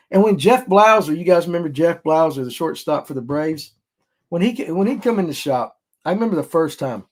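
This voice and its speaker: On the high side and brisk, this man's voice carries a casual fishing podcast. He's a lively storyteller who acts out the lines of other people.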